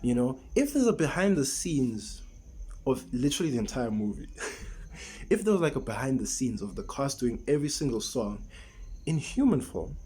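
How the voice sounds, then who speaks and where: A man's voice: mid-range voice, sing-song, normal speed, warm tone, husky. A man giving a casual, rambling film review, exasperated and full of restarts and rhetorical questions.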